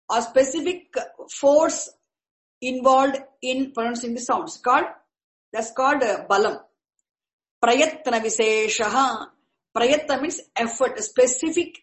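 A woman's voice: high-pitched, poor audio. A woman teaching a lecture on Vedic chanting, patiently repeating and rephrasing terms as she explains them.

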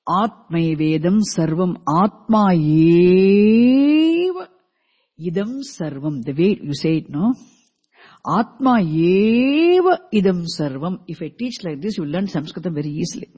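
A teacher giving a scripture class, deliberately repeating and explaining Sanskrit terms and asking the students questions. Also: mid-range voice, a little mellow, breathy edge. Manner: asks the class rhetorical questions. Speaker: Vedanta teacher.

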